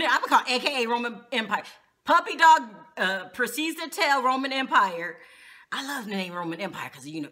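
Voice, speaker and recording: A woman dishes on a reality show in a casual vlog, slangy and gossipy and breaking into laughter. Her voice sits a little high and swings widely in pitch. Her tone is bright and forceful. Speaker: TV recap vlogger. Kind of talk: casual TV recap.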